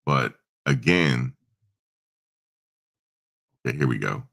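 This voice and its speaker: A man with an extremely deep voice and a gravelly edge talks casually to his live audience. He rambles through stories in a loose, conversational way, now and then acting out both sides of a conversation. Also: slow, a bit bright. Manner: loose, storytelling, imitates his mother and himself in quotes. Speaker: show host. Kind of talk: casual livestream talk.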